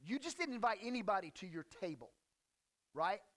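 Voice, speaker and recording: High-voiced joking casual preacher man. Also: fairly quick. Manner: folksy and joking, with slang asides; animated emphasis when reading scripture. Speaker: pastor. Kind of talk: casual conversational sermon.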